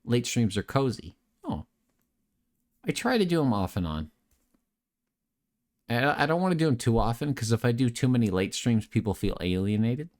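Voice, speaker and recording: A man's voice: mid-range voice, sing-song, normal speed, long pauses, a little mellow. A young adult man hosting a late-night chat stream, rambling and joking as he reads out chat messages and answers them.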